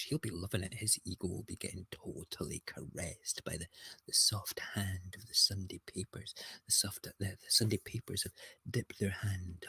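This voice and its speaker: Husky man ranting over headlines. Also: low voice, sharp tone, no echo. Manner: gleeful, mocking, ranting commentary on headlines. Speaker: host. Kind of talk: casual morning news rant.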